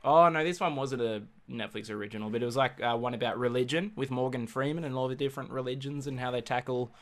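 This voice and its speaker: A man's voice: mid-range voice, fast. A young adult man, co-hosting a casual podcast in a loose, jokey, chatty way full of fillers. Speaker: podcast co-host. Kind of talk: casual chat.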